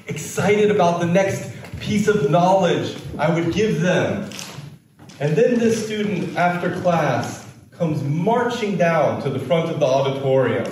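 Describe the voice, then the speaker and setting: Male keynote storyteller, unhurried and dramatic, slightly high voice, heard from a distance in a big room. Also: a little mellow, heavy reverb, a little hiss or hum. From United States. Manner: slow, dramatic storytelling with acted quotes. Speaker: keynote speaker. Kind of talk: storytelling talk on stage.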